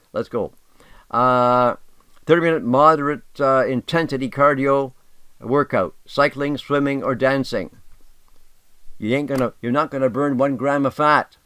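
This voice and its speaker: A man's voice: mid-range voice, fairly bright tone, no room sound. An older man, talking casually and emphatically as host, reading aloud with asides. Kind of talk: casual monologue.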